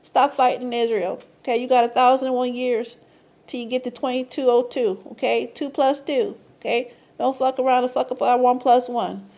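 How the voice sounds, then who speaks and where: A woman explaining a number and letter method in a casual monologue, excitable and slangy, who swears, laughs often and keeps asking "okay?". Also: normal speed, creaky. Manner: rises to high squeals of surprise. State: tired, sleepy at times. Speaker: numerology vlogger.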